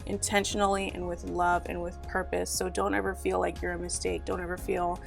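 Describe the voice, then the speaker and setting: A woman's voice: on the low side, little pitch movement, brisk, creaky, soft background music. A young woman telling her personal story to her viewers in an earnest, heartfelt way, sprinkled with "like". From Nigeria. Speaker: YouTuber. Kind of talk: storytime vlog to camera.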